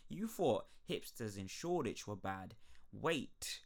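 A young man talks alone on his podcast in a casual, ranting monologue. His voice sits a little low, and he swears freely and laughs between his complaints. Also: measured pace, fairly bright tone, smooth. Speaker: podcast host.

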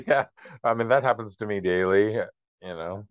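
A deep-voiced man co-hosting a podcast, chatty and quick to laugh. His audio sounds dry and somewhat muffled, as if on a lo-fi mic in a dead room. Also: no echo. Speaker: podcast co-host. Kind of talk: casual chat.

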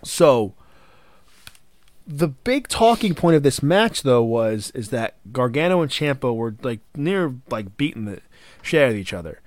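A man's voice: mid-range voice, measured pace, no echo. A man co-hosting a casual wrestling review podcast who gets worked up, swears, and acts out what the wrestlers said. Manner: excitable, swears, acts out quotes. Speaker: podcast co-host.

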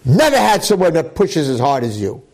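A man's voice: a little high, wildly swooping pitch, moderate pace, a little mellow, exaggerated voice. God offers praise in a reassuring, encouraging manner, as a male storyteller voices him. The voice swings up and down with emphasis. It stays near the teller's own.

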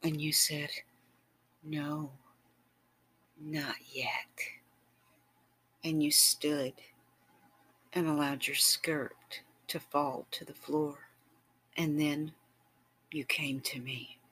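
Woman whispering an erotic story real slow, breathy and bright, hushed and close. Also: low voice, level tone. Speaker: erotic audio story narrator.

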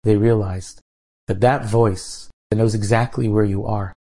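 A man, a rabbi, telling a story in a sermon, dramatizing the quoted lines in a lively way. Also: fairly low pitch, a little slow.

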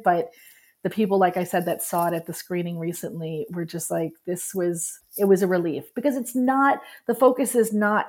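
Middle-aged woman guest, low-ish voice, candid and animated storyteller. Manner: candid, animated, laughs while telling. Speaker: guest, writer. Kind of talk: emotional personal storytelling.

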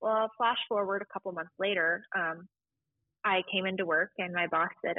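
A woman who works at a library, telling stories casually in an interview, animated and full of quoted voices. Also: fairly low pitch, moderate pace, no room sound, phone-quality sound. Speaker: library staff member.

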